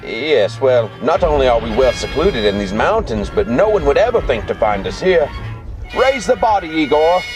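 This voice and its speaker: A man's voice: medium pitch, big pitch swings, normal speed, over music, lightly acted. A man voicing a pompous, grandiose mad scientist doctor with theatrical, formal speech in a radio comedy skit.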